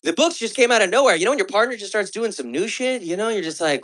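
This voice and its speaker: A man's voice: high-pitched, big pitch swings, fast talker, hardly any pauses, a bit bright. A man on a comedy club stage performing a stand-up set, telling stories in a profane, exasperated way.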